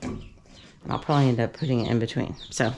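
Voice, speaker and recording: A woman's voice: fairly even intonation, fast, darkish tone. Chatty woman vlogging on a farm. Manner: chatty, talks to her ducks in a high sing-song baby voice. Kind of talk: casual farm vlog narration. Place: outdoor farm pen with poultry. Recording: clear poultry noise in the background. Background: birds clucking and chirping.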